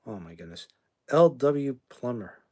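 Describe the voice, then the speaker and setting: Brash rambling American livestream host. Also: male voice, medium pitch, lively intonation, unhurried, warm tone. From United States. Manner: brash, rambling, trash-talking. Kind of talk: casual livestream chat answering viewer comments.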